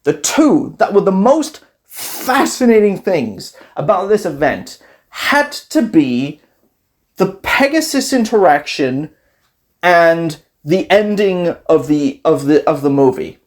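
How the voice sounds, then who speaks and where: This is a casual, rambling commentary voice, animated and easily amused, that acts out scenes from a card game story with quick quoted voices. The pitch sits in a middle range.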